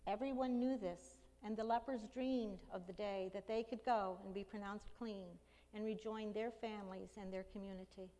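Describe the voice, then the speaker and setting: A woman preaching a sermon, retelling a story dramatically and slowly, with emphatic cries in the quoted lines. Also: mid-range voice, fairly even intonation, dark tone. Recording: long hall reverb.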